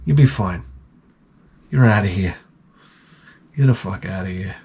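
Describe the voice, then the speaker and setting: A man's voice: deep voice, measured pace, darkish tone, husky. A man giving blunt, crude relationship advice in a rambling comic monologue, often acting out what people say. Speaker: advice vlogger.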